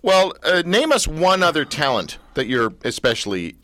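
A man hosting a radio show, teasing his guest and telling stories with animated banter. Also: fairly high pitch, normal speed, dry recording.

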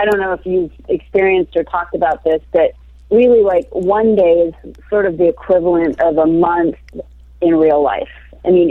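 A woman being interviewed as a guest, friendly and quick to joke back. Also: lowish voice, dry recording, phone-quality sound. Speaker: guest, documentary director. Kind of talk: casual interview chat.

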